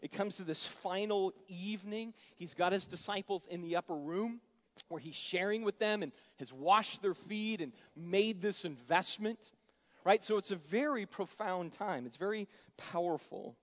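A man preaching a sermon in a conversational style, moving between loud emphatic lines and soft, quiet ones. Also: high voice, moderate pace. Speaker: pastor. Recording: dull lo-fi sound.

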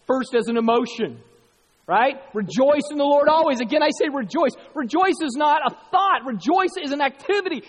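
A man preaching a sermon as pastor, animated, dropping to hushed tones and rising to loud emphatic bursts. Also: very high voice, in a large hall, rough recording.

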